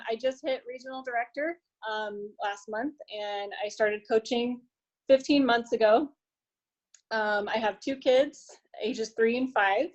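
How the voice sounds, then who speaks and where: A woman's voice: a little high, muffled recording. A woman in her thirties, a health coach and nurse, sharing tips in a friendly, hesitant way with many fillers. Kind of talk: sharing tips on a group call.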